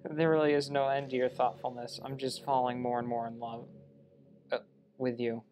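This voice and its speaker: A man's voice: mid-range voice, level tone, normal speed, a little mellow, slight background noise, lightly acted. A man playing through a game and reading a lovestruck young woman character's lines aloud in his own voice, with small stumbles along the way. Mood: sweet. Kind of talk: let's play reading game dialogue aloud.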